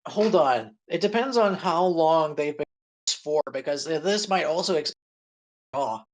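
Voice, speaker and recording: A man with a voice pitched a little high, talking casually on a podcast. He explains things in rambling sentences that stop and restart. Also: animated, a little slow, low-quality recording.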